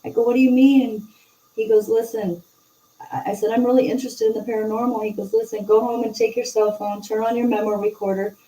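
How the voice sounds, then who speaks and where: A woman hosts a casual chat and slips into animated storytelling. Her voice is mellow and dark. She sits some way from the mic in an echoey room. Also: a little high, fast talker, distant mic. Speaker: host.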